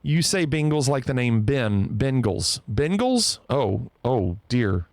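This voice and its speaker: A male streamer chats playfully with his viewers at an unhurried pace. His voice sits at an ordinary pitch. The sound is close and dry. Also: creaky, darkish tone, no echo. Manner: playful, bantering about pronunciation. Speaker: live streamer. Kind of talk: casual chat with stream viewers.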